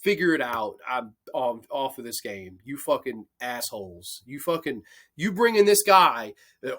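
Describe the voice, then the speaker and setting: Speaking a little slowly in an animated, medium-pitched voice, bright and forceful, a young sports picks host talks football. The betting commentary is casual and heavily profane. He rants with passion.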